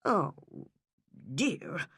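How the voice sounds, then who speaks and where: A woman's voice: drawn-out words, a bit bright, dry recording, clean studio sound. Woman doing a nosy, tutting older village woman. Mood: disapproving. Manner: tutting and disapproving.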